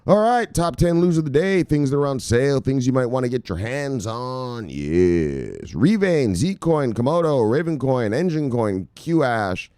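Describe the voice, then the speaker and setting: A man hosting an excitable crypto news show, shouting bursts of exclamations, swearing freely and swinging from loud yells to low mutters. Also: clean tone, no room sound, studio quality. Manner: shouts bursts of "Bang!", swears, hypes his viewers.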